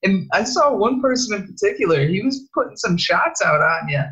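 Young guy w a pretty high voice, playful banter on a podcast, kinda muffled dull audio. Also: expressive, pushed and bright. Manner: playful, laughing, quick banter. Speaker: podcast co-host. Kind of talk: casual chat.

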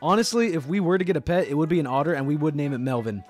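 A young man streaming, chatting casually to his viewers, excitable and animated, jumping from loud squeals down to quiet mumbles. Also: on the high side, very fast, faint music behind. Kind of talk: casual livestream commentary.

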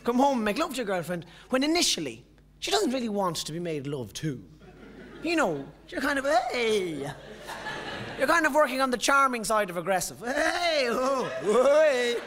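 A man voicing a wild, loud, hungover young Irish man with an Irish accent, bellowing crude lines. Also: very high-pitched, very animated, normal speed, exaggerated voice. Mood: roaring.

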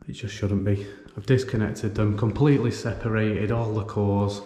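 Working inside a house being renovated, a male electrician talks casually, thinking out loud and explaining his work. He has a lowish, darkish voice. The recording picks up room echo and faint background noise.

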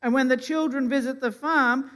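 A man giving the children's talk at a church service, asking simple, gentle questions. His voice rings out with the long reverb of a church hall. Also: extremely high pitch, steady tone, moderate pace. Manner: gentle questioning, plays along with puppet. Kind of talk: kids' talk from the stage.

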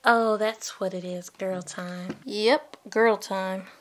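A woman's voice: mid-range voice, steady tone, takes it slowly, a little hiss or hum, pitched below the performer's own voice, natural voice. A woman voicing a sulky, jealous male doll boyfriend in a toy play video, whining and complaining.

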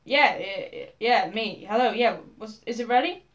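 A teenage girl giving casual, excitable commentary on her Minecraft gameplay, often squealing and shouting with delight. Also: on the high side, moderate pace, highs cut off. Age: teens. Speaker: Minecraft YouTuber.

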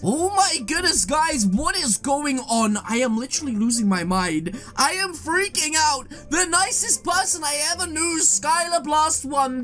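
Woman, gaming video host; bouncy, swooping delivery, big exaggerated reactions. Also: high-pitched. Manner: dramatic, excitable, exaggerated reactions. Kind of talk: excited gameplay commentary.

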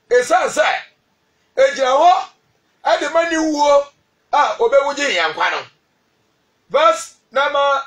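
A man with a Ghanaian accent preaching a radio sermon, shouting key phrases and slowing down to stress scripture. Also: extremely high pitch, far from the mic, poor audio.

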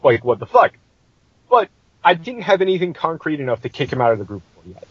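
A man's voice: fairly high pitch, sing-song, quick pace, breathy edge, no room sound, lo-fi sound. A man hosting a podcast, telling a tabletop game story in a casual, profane and exasperated way.

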